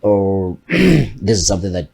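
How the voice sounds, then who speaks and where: A man's voice: sits low, very animated, measured pace, vocal fry, a little mellow, breathy edge. A young man, co-hosting a podcast in a laid-back, joking way. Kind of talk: casual chat.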